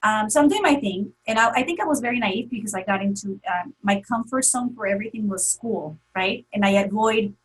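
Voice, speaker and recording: A woman's voice: medium pitch, fairly quick, few pauses, breathy edge, rough recording. A woman telling an emotional personal story as an interview guest, earnest, with many fillers and restarts.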